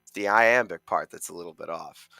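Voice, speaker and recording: A man's voice: low voice, a little fast, creaky, bright, forceful tone, no echo. A young man co-hosting a podcast, chatting casually about films and rambling with many fillers. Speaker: podcast co-host, amateur film critic. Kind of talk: casual chat.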